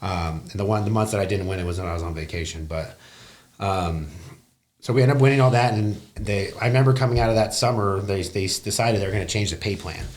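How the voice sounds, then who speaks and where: Fast-talking blunt man, low voice. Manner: blunt and profane, animated retelling. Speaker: business owner guest. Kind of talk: casual storytelling interview.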